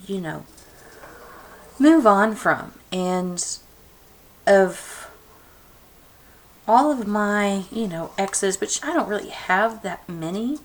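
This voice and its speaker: A woman's voice: medium pitch, poor audio. A young woman from Georgia, chatting in a rambling way while she works on a craft project. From Georgia, USA. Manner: rambling, chatty, many fillers and restarts. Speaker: craft vlogger. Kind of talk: casual chat while crafting.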